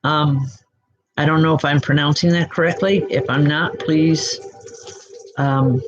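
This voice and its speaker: A woman giving spiritual readings live to online viewers, speaking gently and reassuringly, calling people by name with many soft hesitations. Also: sits low, fairly even intonation, a little slow. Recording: dull lo-fi sound with music behind. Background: background music.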